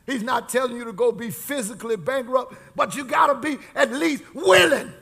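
A man preaching a sermon in call-and-response style, shouting key lines and drawing out words. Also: extremely high pitch, normal speed, vocal fry, husky.

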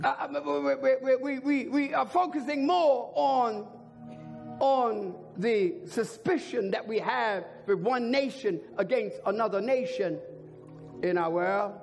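An older man delivers a sermon in a high, gravelly voice, hammering single words again and again until he shouts them. Long reverb from the church hall trails each phrase, with soft music underneath. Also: slow pace. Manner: emphatic repetition, rising to shouts. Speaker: bishop preaching.

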